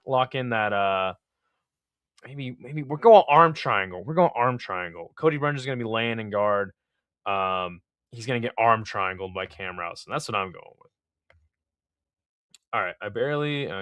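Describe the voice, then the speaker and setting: A man's voice: medium pitch, sharp tone, smooth, dry recording. A man hosting a live fight-picks stream, talking loosely and profanely while thinking aloud with lots of fillers. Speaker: podcast host giving fight picks. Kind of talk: casual live-stream chat.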